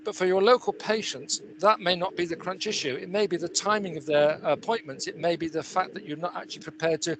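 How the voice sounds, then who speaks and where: A man's voice: high voice, fairly quick, few pauses, crowd noise. A man on a conference panel who rambles and fires off pointed questions. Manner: probing, full of questions, rambling. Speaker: patient representative panelist.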